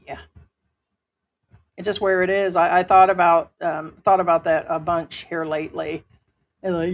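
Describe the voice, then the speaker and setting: Outspoken woman streaming from home, lowish pitch, unfiltered and profane. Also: flat delivery, measured pace, pauses often. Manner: blunt, outspoken, swears freely. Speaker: live-stream host. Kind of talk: casual live-stream chat, reading viewer comments.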